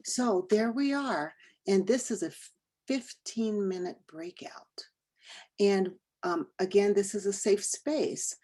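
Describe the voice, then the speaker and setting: Leading a training workshop by video call, this woman quizzes participants with rapid questions in a chatty manner. Her voice sits in the middle range and sounds warm.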